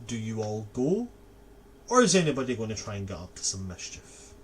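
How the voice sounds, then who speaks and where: A man's voice: fairly low pitch, sing-song, a little fast, slight background noise. Man narrating a tabletop game. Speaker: game master.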